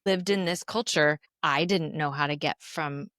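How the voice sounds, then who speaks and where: Earnest woman, lower voice, dry sound. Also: a little slow, fairly bright tone, dry recording. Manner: earnest, keeps checking in with "right?". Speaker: podcast guest. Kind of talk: casual podcast conversation.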